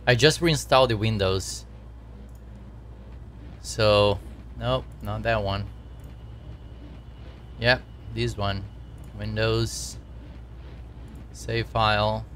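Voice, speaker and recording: A man's voice: on the low side, steady tone, drawn-out words, long pauses, fairly bright tone, slight background noise. A man chatting casually while he codes on a live stream, talking to his viewers and laughing at his own troubles. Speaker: game developer streaming his work.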